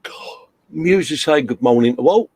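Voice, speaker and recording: A man's voice: fairly high pitch, lively intonation, normal speed, darkish tone, husky, no echo. A man hosting a casual live stream, chatting and reading out viewer comments in a jokey way.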